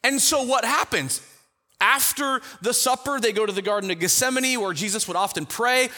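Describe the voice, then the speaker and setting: Guy teaching bible study, high bright voice, acts out the story, lots of reverb. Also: moderate pace. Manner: animated storyteller who acts out the quotes.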